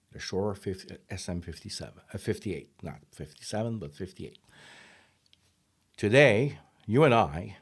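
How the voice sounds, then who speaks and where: A man in his fifties, a drummer, talks casually to camera from his home studio while demoing vocal microphones, thinking aloud and correcting himself along the way. His voice is low and slightly rough, picked up close on a studio vocal mic.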